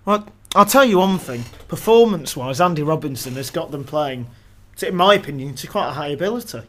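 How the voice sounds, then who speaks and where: Fairly quick and animated, this young podcast co-host has a voice on the high side. In a casual show, he keeps cracking self-deprecating jokes and frequently laughs at what he's just said.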